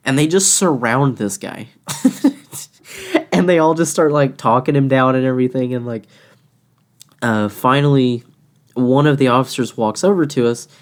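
A man's voice: medium pitch, normal speed, long pauses. A young man who works as a cashier, casually retelling a run-in with a rude customer, swearing often and laughing between lines. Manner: animated, profane, laughing retelling. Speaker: restaurant cashier. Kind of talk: casual storytelling chat.

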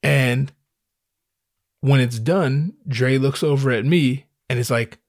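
Man in his 30s, mid pitch, casual profane monologue, stammers and restarts, dry close mic. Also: slow pace, dry recording.

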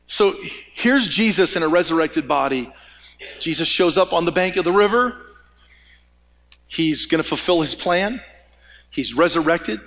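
A man's voice: a little high, lively intonation, unhurried, pauses often, fairly bright tone. A man preaching a sermon as a pastor, telling the story in a conversational way and acting out the dialogue. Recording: long reverb of a church hall.

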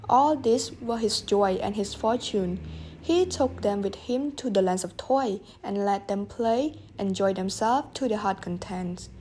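A woman narrating a children's storybook, gently addressing the young listeners directly. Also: medium pitch, a little slow, a little hiss or hum.

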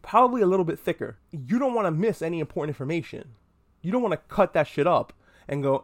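Animated, profane male podcast host. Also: a little high, fast talker. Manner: animated, profane, self-mocking. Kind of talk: comedic pop-culture podcast monologue.

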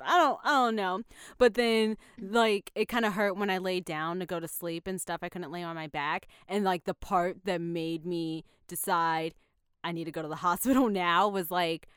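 A woman's voice: on the low side, fairly even intonation, normal speed, fairly bright tone, clear, resonant tone, dry recording, clean studio sound. A young woman co-hosting a podcast, telling a story in casual chat, laughing often and filling her talk with "like". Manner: chatty, laughing storyteller, lots of "like". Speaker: podcast co-host.

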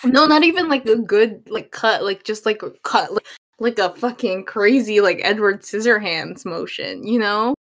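A woman of middle pitch co-hosts a casual podcast. She rambles, strings her thoughts together with lots of fillers, and giggles between them. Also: animated, normal speed, fairly bright tone. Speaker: podcast co-host. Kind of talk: casual chat.

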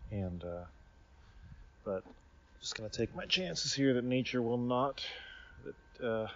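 A man's voice: mid-range voice, very animated, fairly bright tone, a little hiss or hum. Man musing outdoors on a lo-fi recording. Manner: rambling, unhurried, with filler pauses. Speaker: podcast host. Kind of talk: casual spoken musing. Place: outdoors under a tree near a river at evening. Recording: dull, dry lo-fi recording.

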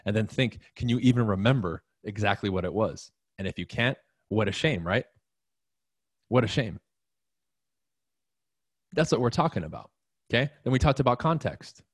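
Man, low voice, blunt motivational coach, emphatic, swears, dry close sound. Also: animated, normal speed, long pauses, husky, dry recording. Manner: emphatic, profane, talks straight to the listener. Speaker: real estate coach. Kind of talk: live-streamed motivational talk.

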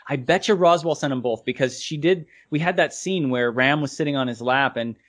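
A man co-hosting a podcast, chiming in with agreements and excited asides during casual chat. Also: mid-range voice, a little fast. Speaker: podcast co-host.

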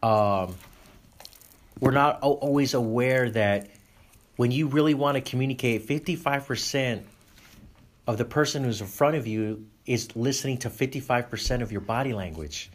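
A man hosting a group talk for dads, animated and acting out examples with shifting tone. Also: mid-range voice, moderate pace. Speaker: discussion host for fathers. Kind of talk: group discussion.

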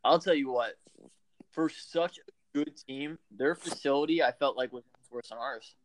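A man of middle pitch rambles through profane stories as he co-hosts a podcast. His voice sits close and dry on the mic, with no room sound around it. He talks in loose, casual chat. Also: moderate pace, no room sound.

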